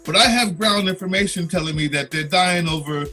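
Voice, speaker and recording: A man's voice: high-pitched, a little fast, pushed and bright, soft background music. A man co-hosting a podcast who concedes points and then pushes back insistently. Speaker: podcast co-host. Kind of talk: casual debate on a podcast.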